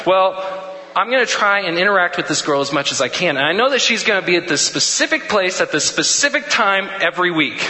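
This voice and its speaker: A man's voice: high voice, animated, fairly quick, bright, forceful tone, exaggerated voice. A young man voicing a hopeful young suitor, earnest and rehearsed. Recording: echoey hall with faint hum.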